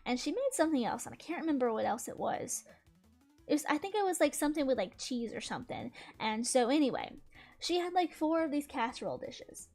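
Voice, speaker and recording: A young woman with a Southern US accent chats casually to her channel, her voice sitting high. She rambles loosely and fills her sentences with "like." Soft music plays faintly behind her. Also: big pitch swings, a little fast. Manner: rambling, heavy use of "like" fillers. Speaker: gaming channel host. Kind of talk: casual storytime chat.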